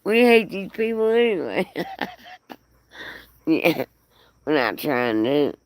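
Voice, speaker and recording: A woman's voice: low voice, big pitch swings, takes it slowly, dry recording. A woman talking casually to the camera and her dog, profane and giggly, slipping into playful baby-talk. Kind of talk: casual rambling vlog to camera.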